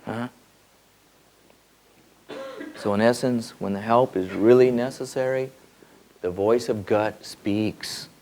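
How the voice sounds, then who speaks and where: A man giving a spiritual teaching in a loose, repeating way, swinging between soft musing and sudden excited bursts. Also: fairly low pitch, slow, pauses often, slight background noise. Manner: repeats words and restarts often. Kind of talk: spoken teaching to a group.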